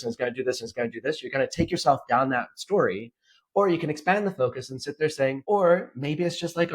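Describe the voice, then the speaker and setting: Man, podcast host, coach, husky, fast talker. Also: on the high side. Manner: animated storyteller, acts out quotes. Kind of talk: casual podcast chat.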